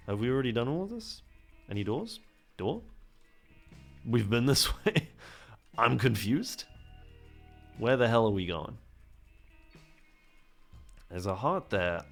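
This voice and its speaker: Rambling, self-deprecating gaming man. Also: fairly low pitch. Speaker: gameplay commentator. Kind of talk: casual game commentary.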